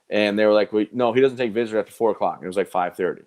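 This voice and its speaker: Lowish-voiced man telling stories. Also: very fast. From United States. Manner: animated, conversational, with fillers and quoted dialogue. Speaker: guest. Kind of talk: storytelling in a live interview.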